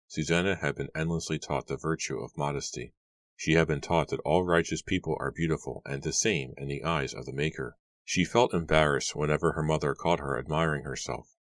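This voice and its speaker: A man with an extremely deep, low voice reads a story aloud as an audiobook narrator. He tells it in a steady, measured way, and the recording is close and dry with no room sound. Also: dry recording. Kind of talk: scripted narration.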